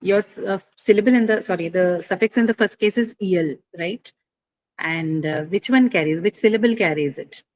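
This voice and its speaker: A woman's voice: mid-range voice, normal speed, rough recording. A woman teacher lecturing a class, explaining step by step with frequent fillers and tag questions. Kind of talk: classroom lecture on word stress.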